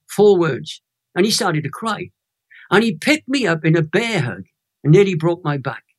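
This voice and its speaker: A man's voice: sits high, moderate pace. Elderly Welshman telling a story. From Wales. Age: 80s. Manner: emotional, animated storyteller. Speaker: guest, Christian minister. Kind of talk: personal testimony storytelling.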